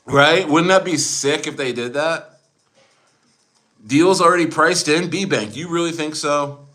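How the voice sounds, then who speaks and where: Young man, casual livestream host, bright and forceful tone, joking, rambling, laughs a lot. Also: a little high, a little slow. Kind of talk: casual livestream chat reading viewer comments.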